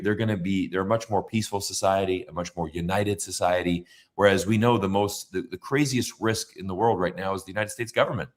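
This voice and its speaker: A man hosting a political livestream, talking in a rambling, emphatic way with many fillers and restarts. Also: deep voice. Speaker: livestream host. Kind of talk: casual political livestream chat.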